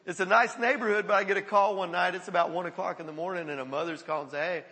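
A male pastor telling stories in a sermon, animated and often chuckling. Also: high voice, rapid-fire. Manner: animated storytelling with frequent chuckles. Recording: echoey hall.

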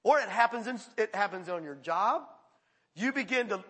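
A man's voice: high voice, expressive, moderate pace, pushed and bright, slightly rough, in a large hall. A man preaching a conversational sermon as pastor, acting out quoted voices and laughing along with the congregation.

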